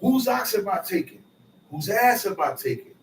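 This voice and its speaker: A man's voice: sits high, big pitch swings, moderate pace. A man explaining scripture verses in casual street slang, paraphrasing and repeating lines as he teaches. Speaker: bible teacher. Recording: roomy echo, far from mic, faint noise.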